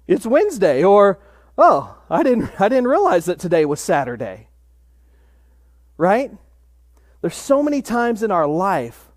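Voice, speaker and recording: A man preaching a sermon in a measured way, dropping to a hush for emphasis. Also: high-pitched, no room sound, clean studio sound. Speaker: pastor.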